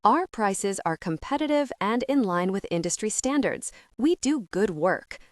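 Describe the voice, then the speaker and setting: A woman's voice: mid-range voice, expressive, unhurried, no echo, clean studio sound, close to an everyday voice. A woman voicing a grumpy young male mechanic who talks curtly and matter-of-fact, in an audiobook. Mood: firm.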